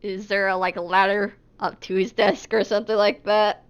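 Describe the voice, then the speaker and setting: A woman playing a character in a tabletop game, speaking in a hesitant, halting casual way. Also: medium pitch, little pitch movement, smooth, lo-fi sound. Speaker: player.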